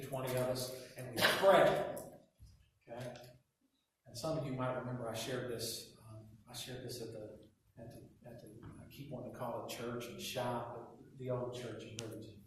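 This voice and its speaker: A man preaching a sermon as pastor, telling stories with quiet asides and loud emphatic bursts. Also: mid-range voice, slight background noise. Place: church hall. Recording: echoey hall from far off.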